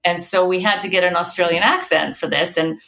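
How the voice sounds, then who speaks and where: A woman with a fairly low voice, talking as a podcast guest. Her delivery is chatty and anecdotal, full of fillers and small restarts. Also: fairly quick, gravelly, bright, forceful tone. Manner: chatty, storytelling with many fillers. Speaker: guest author. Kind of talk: casual podcast conversation.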